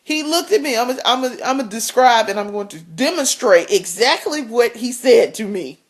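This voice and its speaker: A woman's voice: fairly high pitch, expressive, moderate pace. A woman vlogger telling a story in a casual, blunt rant, swearing freely and laughing often.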